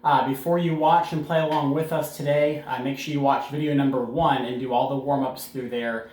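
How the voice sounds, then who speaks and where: A man's voice: medium pitch, fairly even intonation, brisk, darkish tone. A man teaching a sixth grade band lesson on video, explaining rhythms with frequent fillers and counting beats aloud. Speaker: middle school band teacher. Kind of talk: recorded music lesson. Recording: echoey room sound.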